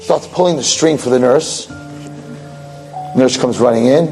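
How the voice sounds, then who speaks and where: A man telling a dramatic story, slowing down for emphasis. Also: mid-range voice, a little mellow, soft background music, low-quality recording.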